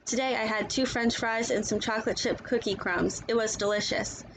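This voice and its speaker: A woman's voice: on the high side, fairly even intonation, normal speed, a bit bright, a little hiss or hum, poor audio. Woman reading a chatty storybook seagull full of travel tales. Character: chatty, food-loving male seagull traveler.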